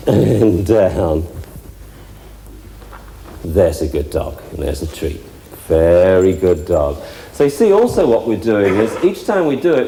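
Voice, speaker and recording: This man's voice is on the low side with a dark tone. He's a dog trainer giving a chatty, step-by-step explanation during a live demo with several dogs, recorded in an echoey hall with faint ambience and a little hiss or hum.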